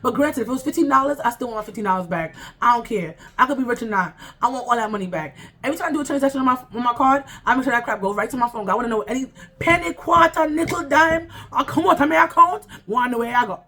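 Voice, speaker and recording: Exasperated woman venting in a bright voice. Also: a little high, expressive, quick pace, hardly any pauses. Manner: exasperated, repetitive and emphatic. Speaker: vlogger. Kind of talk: casual storytime rant.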